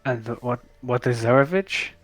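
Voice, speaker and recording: A man at a tabletop game describes what his character does in a loose, rambling way. His voice sits in a middle pitch, nothing unusual. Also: moderate pace, no echo, soft background music. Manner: casual, rambling with "like". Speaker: player. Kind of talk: casual tabletop game chat.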